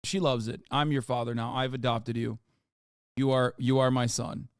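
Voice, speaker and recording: A man in his thirties streaming live, reacting to posts with profane, mocking commentary that swings from loud outrage to mumbled asides. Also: medium pitch, flat delivery, moderate pace, clear, resonant tone, no room sound, clean studio sound.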